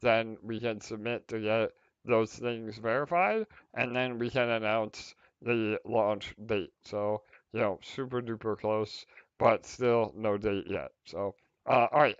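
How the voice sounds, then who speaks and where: A man's voice: mid-range voice, a little slow, smooth, no room sound, highs cut off. A man hosting a livestream community update for a crypto project, upbeat and full of fillers and restarts.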